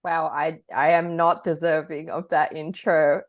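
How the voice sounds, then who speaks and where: Female co-host, low voice, candid rambling chat with frequent laughs. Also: level tone, measured pace. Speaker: podcast co-host. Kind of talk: casual chat.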